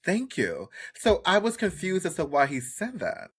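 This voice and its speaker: A man co-hosting a podcast, recapping a reality show in casual chat, animated and profane, often mimicking the people he talks about. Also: sits high, moderate pace, breathy edge. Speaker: podcast co-host.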